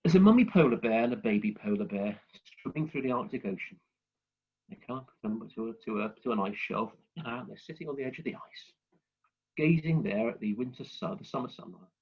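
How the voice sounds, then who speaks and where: A man's voice: mid-range voice, expressive, a little fast, breathy edge, lo-fi sound. A man presenting a speaking workshop over a video call, rambling with many fillers and restarts as he shares anecdotes. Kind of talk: instructional talk with anecdotes.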